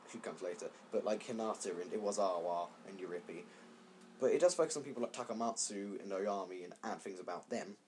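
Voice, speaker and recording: A man's voice: on the low side, darkish tone. A man giving a casual, rambling review of an anime series, often stopping to correct himself.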